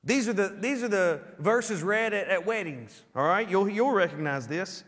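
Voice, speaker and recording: A man preaching a sermon as pastor, animated and acting out little everyday scenes in different voices, in a church. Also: high voice, moderate pace, few pauses, big-room sound. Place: church sanctuary.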